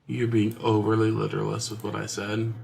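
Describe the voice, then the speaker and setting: Low-voiced man chatting on a livestream. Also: monotone, brisk, creaky, darkish tone. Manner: mock-offended banter, thinking aloud. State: sick. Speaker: co-host of a gaming livestream. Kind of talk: casual livestream chat, reading viewer comments.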